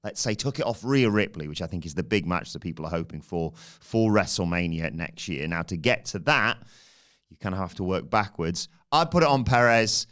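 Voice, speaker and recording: A man's voice: low voice, expressive, brisk, fairly bright tone. A man hosting a wrestling podcast, thinking aloud in a casual, rambling way. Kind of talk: solo podcast commentary.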